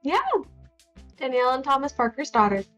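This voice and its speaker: A woman's voice: high-pitched, brisk, fairly bright tone, soft background music. A woman voicing a polite, slightly nervous young woman in a tabletop game, speaking in a hesitant way.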